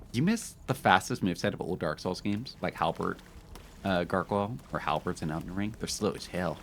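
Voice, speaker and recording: A man with a deep, animated voice streams a game at an ordinary pace, pausing often over slight background noise. He chats casually and tells rambling stories in a laid-back way, full of fillers and laughter.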